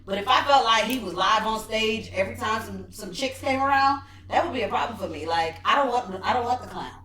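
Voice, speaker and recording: Animated woman chatting in an echoey room. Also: fairly high pitch, brisk. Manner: animated, acts out quoted remarks. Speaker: podcast co-host. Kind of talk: casual chat. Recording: echoey room, mic at a distance, faint noise.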